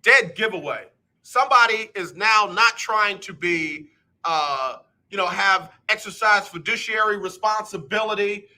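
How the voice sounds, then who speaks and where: A man hosting a live radio talk show, animated and joking as he teases his listeners. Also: high voice. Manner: animated, joking, playful teasing. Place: radio studio.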